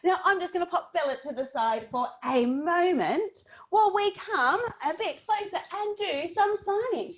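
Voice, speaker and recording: A woman leading a parent-and-baby signing class, animated and sing-song, making animal noises for the little ones. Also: very high-pitched, moderate pace, hardly any pauses, lo-fi sound.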